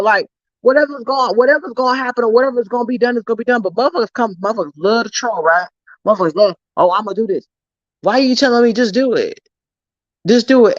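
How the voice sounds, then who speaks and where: A woman hosting a YouTube livestream rants at her viewers, profane, confrontational and emphatic. Her voice is fairly high, and the recording is dry, dull and lo-fi with no echo.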